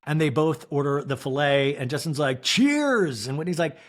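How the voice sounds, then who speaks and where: Podcast host, male, from Kansas; chatty, animated recapper with a fairly high voice who acts out the cast. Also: a little fast. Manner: animated, laughing, acts out cast members' lines in mock voices. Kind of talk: solo reality TV recap.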